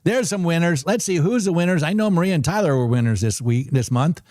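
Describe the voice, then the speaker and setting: A man hosting a live trading stream, chatting to his viewers in an excitable, casual way and repeating numbers aloud as he works. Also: fairly high pitch, fairly quick, no echo, studio quality. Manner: excitable, talks to viewers and chat. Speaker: livestream trading host.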